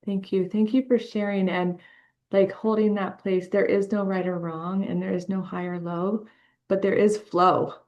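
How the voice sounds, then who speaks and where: A woman co-hosting a group video call, responding softly and affirmingly, sometimes in a blessing-like way. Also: medium pitch, level tone, moderate pace. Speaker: co-host. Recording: dull lo-fi video call audio.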